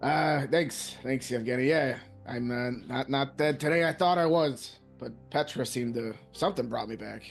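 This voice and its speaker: Male player, gravelly, mid-pitched, earnest in-character talk, faint music behind. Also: moderate pace, hardly any pauses. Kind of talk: in-character tabletop role-play.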